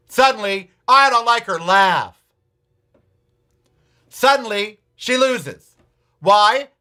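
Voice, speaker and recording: A man's voice: high voice, lively intonation, slow pace, long pauses, pushed and bright. A man hosting a political talk show, ranting with profanity, sarcasm and repeated challenges to his audience. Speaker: podcast host.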